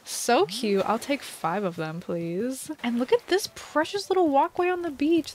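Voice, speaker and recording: A woman's voice: high voice, a little slow, slight background noise. Gushing woman narrating a game tour. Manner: gushing, excitable, lots of "oh my goodness". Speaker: host touring game islands. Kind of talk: casual gameplay commentary.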